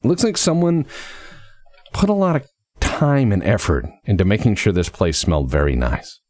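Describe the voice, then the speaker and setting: Halting, animated man running a tabletop game. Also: on the low side, no room sound, studio quality. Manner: relaxed, halting, lots of restarts. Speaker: game master.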